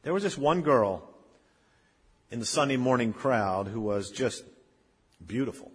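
A husky-voiced male pastor in his fifties preaches to his congregation, his voice ringing with a long reverb through the church hall. He tells personal stories, building to loud emphatic lines and then dropping to a near hush. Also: mid-range voice, animated, a little slow. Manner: storytelling preacher, swings from loud emphasis to hushed. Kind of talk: sermon. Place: church sanctuary.

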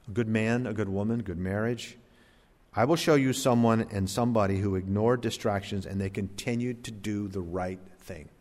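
A man preaching a sermon as pastor, swinging between sudden loud emphatic rises and soft, low drops. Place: church sanctuary. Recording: long hall reverb.

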